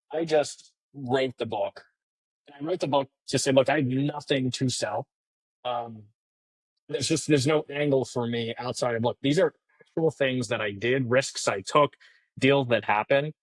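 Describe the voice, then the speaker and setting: A man's voice: mid-range voice, no echo. Chatty man telling stories, dry mic. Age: 30s. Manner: chatty, laughs while telling stories, many fillers. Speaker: podcast guest, entrepreneur. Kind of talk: casual storytelling interview.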